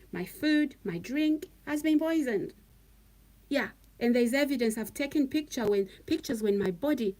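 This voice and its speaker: A woman's voice: fairly high pitch, a little mellow, poor audio. A woman talking on a live stream to her viewers, emphatic and repetitive, often checking in with "okay?". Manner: emphatic, repeats phrases, frequent "okay?".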